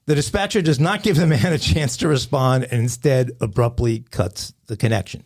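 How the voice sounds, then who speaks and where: A man's voice: medium pitch, moderate pace, darkish tone. A middle-aged man co-hosting a crime-news podcast, recounting a story with wry jokes. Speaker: podcast co-host.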